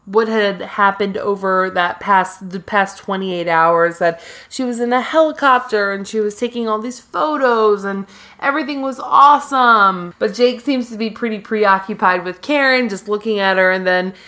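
A woman's voice: medium pitch, normal speed, sharp tone. Woman, mid-range voice, chatty co-host, step-by-step plot recap. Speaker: podcast co-host. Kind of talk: casual TV recap chat.

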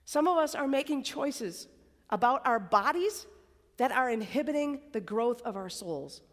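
A woman preaching a sermon at a college worship service in a conversational, chatty way, sometimes dropping to a soft whisper. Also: on the high side, lively intonation, unhurried, in a large hall. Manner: conversational, chatty, tag questions and "like"; drops to a soft whisper for emphasis. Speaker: campus preacher.

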